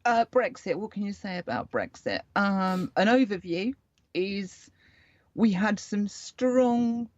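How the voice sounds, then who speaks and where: A woman from the United Kingdom talks in a chatty, wry way, explaining things to her co-hosts. Her voice sits at a middle pitch. It comes through a slightly muffled, lo-fi line with a dry, close sound. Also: animated, takes it slowly, no echo. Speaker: co-host. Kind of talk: casual chat.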